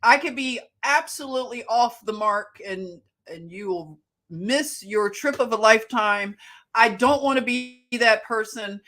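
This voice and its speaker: Philly-accented woman hosting a live chat, slow and easy, a bit high-pitched, greets everyone by name. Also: a bit bright. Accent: Philadelphia. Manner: greets viewers by name, laughs often. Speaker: livestream host. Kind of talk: casual livestream chat.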